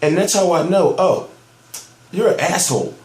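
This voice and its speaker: A man rants about boxing in a heated, profane vlog, hammering his points home. His voice sits somewhat high and sounds amped up. The room around him echoes. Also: moderate pace, darkish tone. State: amped up on soda. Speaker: boxing news commentator. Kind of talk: ranting vlog commentary.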